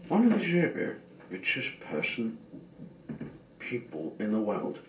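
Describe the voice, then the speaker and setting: Slow, expressive male narrator for a children's tale; lively pitch, echoey room, set back from the mic. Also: slight background noise. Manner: slow, expressive, dramatic pauses. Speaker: storyteller. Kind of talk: children's story reading. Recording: roomy, slightly distant mic.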